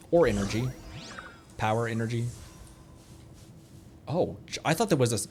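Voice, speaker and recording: A man's voice: medium pitch, animated, moderate pace, pauses often, a little mellow, husky. A man streaming a video game live, rambling casually and laughing at his own slips. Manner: chatty, rambling, laughs often at himself.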